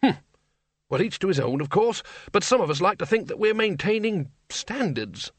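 A man's voice: sits high, big pitch swings, moderate pace, breathy edge, no room sound, pitched above the performer's own voice, full character voice. A pompous, sneering wizard dean , voiced by a man, who fusses over proper standards. His voice is lifted well above the reader's own, and the sound is dry and close. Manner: fussy and sneering.

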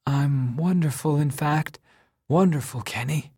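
A man's voice: a little high, unhurried, warm tone, husky, no echo, clean studio sound, voice pushed up. A man voicing a frail, exhausted man with a thin, faint, tired voice that trails off weakly. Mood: faintly insisting. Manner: weak and whispery, trailing off.

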